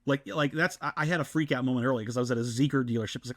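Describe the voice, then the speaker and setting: A man in his thirties co-hosts a podcast, talking fast and getting worked up, full of restarts and "like"s. His voice sits in a middle register. It is recorded dry and close on a podcast mic. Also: medium pitch, no room sound. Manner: excited, animated storytelling with many restarts. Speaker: podcast co-host. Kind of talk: casual podcast chat.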